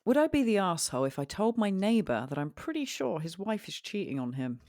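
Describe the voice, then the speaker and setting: A playful woman co-hosting a podcast chats with a lively, bouncing voice and quick giggles. She sits close to the mic, and the sound is dry and intimate. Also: mid-range voice, no echo. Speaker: podcast co-host. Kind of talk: casual chat.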